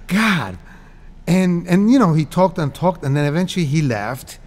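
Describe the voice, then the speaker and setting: Animated, laughing man from Cyprus in his 60s. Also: a little high, normal speed. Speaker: guest. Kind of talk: casual interview storytelling.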